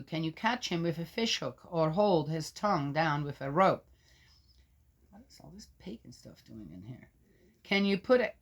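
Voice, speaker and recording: A woman reading scripture aloud, breaking off into skeptical, argumentative asides that sink to a mutter. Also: low voice. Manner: interrupts herself with doubting, argumentative remarks; loud when reading, drops to mutters for asides. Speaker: scripture reader and commentator.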